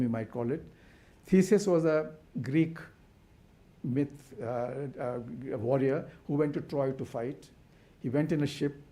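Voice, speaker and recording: A man's voice: medium pitch, mellow. An older man from India giving a symposium keynote, asking rhetorical questions with passion and frequent restarts. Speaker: keynote speaker.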